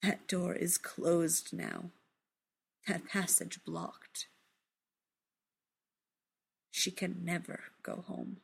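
A woman reading a literary story aloud in a hushed, measured, intimate way, often dropping into a whisper. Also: fairly low pitch, level tone, creaky, husky.

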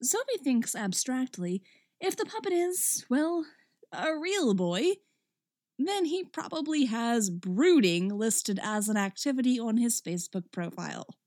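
A woman reading fan fiction aloud as a wry, expressive storyteller. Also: a little high, measured pace, no echo, clean studio sound. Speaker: story reader.

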